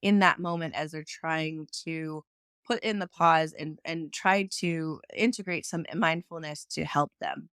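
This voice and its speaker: A woman's voice: sits low, fairly even intonation, unhurried, fairly bright tone, smooth, no room sound, clean studio sound. A woman and mother hosting a podcast, chatting openly and asking long questions. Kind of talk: casual interview talk.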